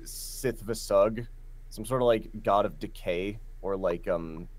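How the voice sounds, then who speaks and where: Man, game master, low voice, loose rambling narration. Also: slow, a little mellow. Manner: loose, filler-heavy narration.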